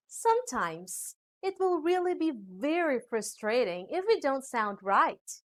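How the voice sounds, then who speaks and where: A woman from the Philippines with a Filipino accent, teaching a scripted English pronunciation lesson to students. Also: a little high. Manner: slow, lively teacherly delivery addressing students.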